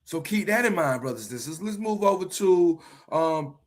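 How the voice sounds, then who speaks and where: A man teaching from the Bible in a livestream, earnest and repeating key phrases slowly for emphasis. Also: fairly high pitch, animated.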